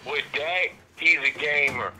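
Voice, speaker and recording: A man's voice: on the high side, measured pace, background noise. A man calling in to a sports stream, ranting emphatically and in exasperation and repeating himself. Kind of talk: passionate fan rant.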